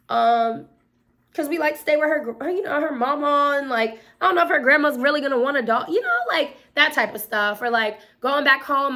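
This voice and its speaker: Talking to camera from her home, this young woman keeps things chatty, addressing viewers as "y'all" and filling her talk with fillers and side comments. She speaks in a fairly high voice that sounds pushed and bright.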